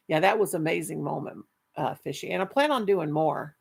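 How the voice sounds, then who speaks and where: Middle-aged woman, live-stream host, lowish voice, heavy vocal fry, chatty, rambling. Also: fairly quick. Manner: chatty, affectionate, rambling with restarts. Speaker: channel host reading live chat. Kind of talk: casual live-stream chat.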